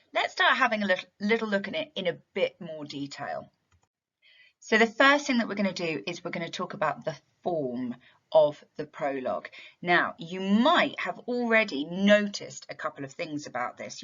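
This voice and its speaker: A woman's voice: mid-range voice, a bit bright, dull audio. A woman teaching English literature in a revision tutorial, explaining step by step and asking rhetorical questions.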